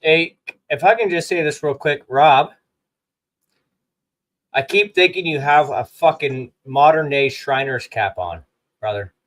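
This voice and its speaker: A man's voice: a little high, unhurried, a bit bright. A man in his thirties hosting a casual chat, talking in a laid-back, chatty way.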